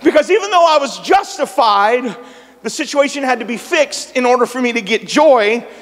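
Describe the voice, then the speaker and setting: A man preaching a sermon as pastor, animated and conversational, swinging between loud and soft delivery. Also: very high-pitched, normal speed. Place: church sanctuary. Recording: reverberant church hall.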